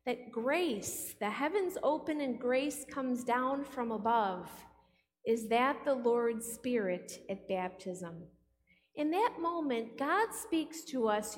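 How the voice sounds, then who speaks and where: Woman pastor preaching slowly in a reverberant hall. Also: a little high, expressive, slight background noise. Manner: playful, asks the congregation questions. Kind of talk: sermon.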